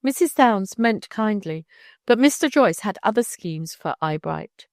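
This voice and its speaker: A woman narrating a classic novel as an audiobook in a calm, measured reading. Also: mid-range voice, no echo, clean studio sound.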